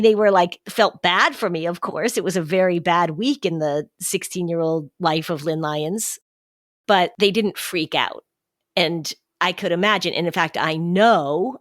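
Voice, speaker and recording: A woman's voice: fairly low pitch, dry recording, studio quality. A woman hosting a parenting podcast, talking casually and acting out the voices of the people she quotes. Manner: animated, acts out quoted voices. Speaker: podcast host.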